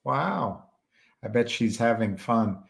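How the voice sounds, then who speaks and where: A man chatting casually as a stream host, halting often and searching for words with many fillers. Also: mid-range voice, lively intonation, creaky. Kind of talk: casual rambling chat.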